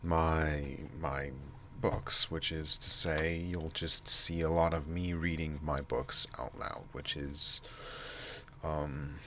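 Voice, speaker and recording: A man with a nasal, stuffy voice and heavy breathing, rambling casually to his channel with many pauses and restarts. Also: very deep voice, vocal fry, a bit bright, a little hiss or hum. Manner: halting, many fillers and restarts. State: stuffy from allergies. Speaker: channel host.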